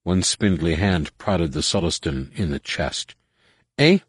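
A man reading an audiobook novel aloud in a measured, low-key manner. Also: slightly rough, no room sound. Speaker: audiobook narrator. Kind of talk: scripted narration.

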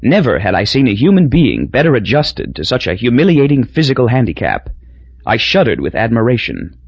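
A man reading a novel aloud as the narrator, in a dry, measured storytelling manner. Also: mid-range voice, huge pitch swings, breathy edge, no room sound. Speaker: audiobook narrator. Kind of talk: scripted narration. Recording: dull lo-fi recording.

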